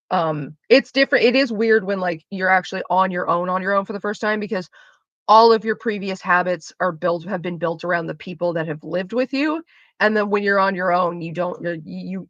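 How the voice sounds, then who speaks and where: Motor-mouthed woman streamer, bright voice. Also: lowish voice, no room sound, dull audio. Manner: fast rambling talker, swears freely. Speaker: streamer chatting with viewers. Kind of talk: casual chat.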